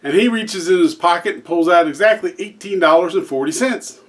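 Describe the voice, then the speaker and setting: Higher-voiced man telling a rambling joke. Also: a little fast. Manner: rambling, with restarts and fillers. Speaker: joke-telling channel host. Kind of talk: casual spoken joke telling.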